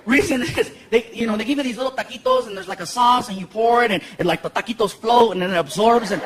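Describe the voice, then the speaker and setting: A man performing a stand-up comedy routine on a theater stage, telling stories with animated energy into a handheld mic. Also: extremely high pitch, fast talker, hardly any pauses. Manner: animated storytelling. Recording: live concert with loud crowd. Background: roaring audience laughter.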